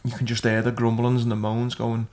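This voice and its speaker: A male podcast host with a level, flat delivery who lays out events plainly for the audience. His pitch stays in the middle, and his tone holds steady throughout. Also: fairly quick. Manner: explains plainly for listeners. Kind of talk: casual chat.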